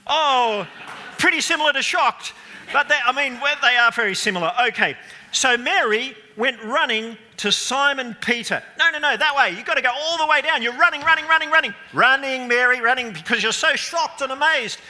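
A pastor's very high-pitched, animated voice, sharp in tone and at normal speed, rings through a reverberant church hall during an all-age Easter sermon. Playfully, he talks volunteers through a re-enactment with running stage directions.

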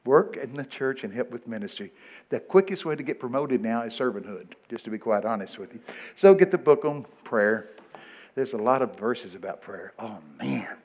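An older man preaching a folksy sermon full of stories, breaking into loud excited bursts. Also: mid-range voice, moderate pace, slightly rough. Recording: muffled lo-fi recording.

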